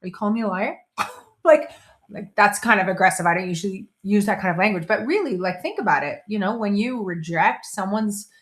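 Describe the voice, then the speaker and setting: A woman's voice: medium pitch, animated, brisk. Middle-aged woman host, casual motivational talk, conversational with frequent restarts. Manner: conversational, with self-interrupting restarts and playful quoted voices.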